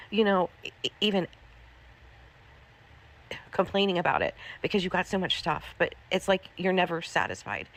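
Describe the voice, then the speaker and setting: Fast-talking exasperated ranting woman. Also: mid-range voice, fairly bright tone. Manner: profane, exasperated, repetitive. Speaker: commentary livestream host. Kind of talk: ranting commentary.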